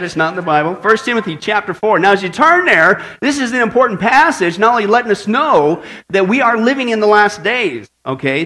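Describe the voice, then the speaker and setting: High, bright joking preacher man. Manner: playful storyteller, asks the crowd "right?". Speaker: pastor. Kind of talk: sermon with jokes.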